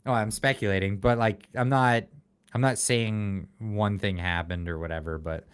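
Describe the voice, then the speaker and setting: A man hosting a casual livestream chat, talking in an animated, sarcastic way and laughing often. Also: fairly low pitch, normal speed, clear, resonant tone. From Canada. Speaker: show host.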